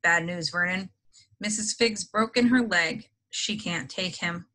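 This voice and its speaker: A woman's voice: lowish voice, unhurried. A woman voicing a snappish, fussy aunt who dotes on her son, in a storybook reading. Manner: sharp, snapping.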